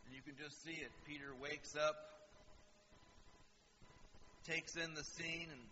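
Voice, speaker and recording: A man preaching a sermon and explaining scripture, acting out quoted lines with animated asides. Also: on the high side, slow pace, pauses often, slight background noise. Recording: dull lo-fi sound in a reverberant hall.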